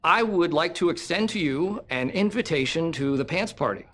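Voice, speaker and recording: A man putting on a dim-witted, awkward grown man who flirts loudly and eagerly. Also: a little high, animated, normal speed, a little hiss or hum, voice pushed up.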